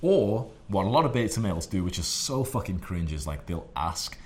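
A man's voice: sits low, sing-song, moderate pace, darkish tone, a little hiss or hum. A man talking as a dating coach in a casual monologue, brash and profane and full of fillers.

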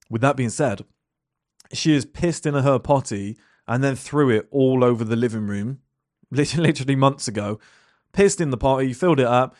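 A man's voice: mid-range voice, dry recording, clean studio sound. A young man talking bluntly at his desk, swearing and rambling with lots of fillers and rhetorical questions. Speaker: entrepreneur talking to camera. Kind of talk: casual monologue.

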